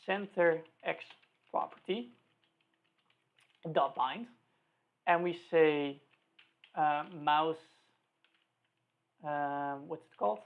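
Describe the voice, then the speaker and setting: A programming instructor talking through live code, thinking aloud, spelling out each line, and correcting slips along the way. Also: mid-range voice. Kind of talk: live-coding tutorial. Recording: tinny phone-like recording.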